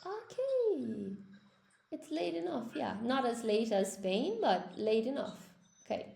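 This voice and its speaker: Woman English teacher, live stream host, gravelly voice, echoey room with faint background noise. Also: on the high side, big pitch swings, slow pace, dark tone. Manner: upbeat, encouraging, reads out comments. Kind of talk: live stream chat with viewers.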